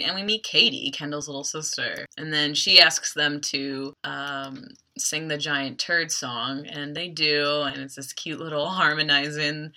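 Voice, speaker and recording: A woman hosting a podcast, recapping a TV episode in a chatty, wry way with quick asides. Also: low-pitched, bright, forceful tone. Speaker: podcast host.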